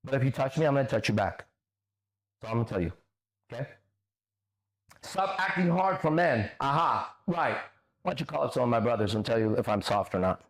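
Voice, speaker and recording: A man's voice: medium pitch, rapid-fire. A man hosting a livestream, answering chat comments in a confrontational, profane, lecturing way. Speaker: host.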